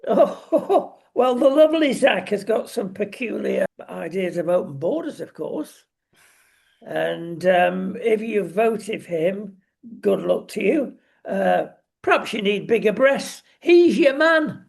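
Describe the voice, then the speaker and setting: A man co-hosting a political commentary show, talking in a slow, emphatic and sardonic way with frequent ums. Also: high-pitched, lively intonation, creaky, a little mellow, husky. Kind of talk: opinionated casual commentary.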